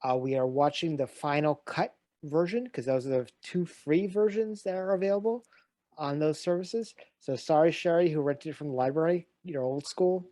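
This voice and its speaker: Upbeat host with a dry close sound. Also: male voice, a little high, moderate pace, dark tone, dry recording. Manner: upbeat, filler-heavy introductions. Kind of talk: casual show hosting on a video call.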